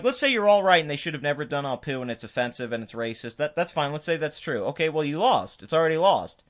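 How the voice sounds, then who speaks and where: A man's voice: a little high, fairly bright tone. Man ranting in a dismissive commentary. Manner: emphatic and dismissive, with frequent restarts. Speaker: commentary video host. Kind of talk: opinionated commentary rant.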